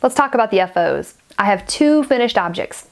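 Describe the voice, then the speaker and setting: A woman's voice: medium pitch, animated, fairly quick, vocal fry. A woman in her forties, sniffly with a cold, chatting to camera as a knitting podcaster, gushing and rambling with many restarts. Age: 40s. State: stuffy and sniffly. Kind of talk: casual chat to camera.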